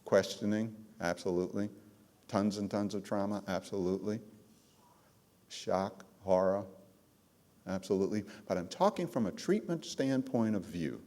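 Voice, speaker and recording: Low-voiced man lecturing a live audience. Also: normal speed, dark tone. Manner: emphatic storytelling, calls out to the audience. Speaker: trauma trainer.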